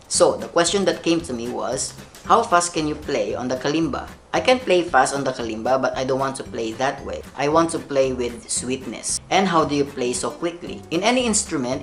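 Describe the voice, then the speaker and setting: Playful man with Filipino English accent. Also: medium pitch. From Philippines. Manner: playful, laughs at his own jokes. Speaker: kalimba channel host. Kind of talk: Q&A vlog.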